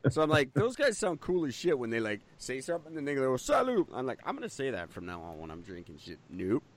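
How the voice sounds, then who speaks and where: A man's voice: mid-range voice, quick pace. A man co-hosting a podcast, bantering crudely with lots of swearing and jokes. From Canada. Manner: animated, swearing, jokey. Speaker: podcast co-host.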